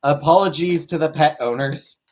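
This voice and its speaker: A man's voice: a little high, moderate pace, background noise. A man hosting a casual livestream from home, rambling as he reads chat comments and thanks viewers by name. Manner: rambling, thanks chatters by name, baby-talks to his pet. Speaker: livestream host.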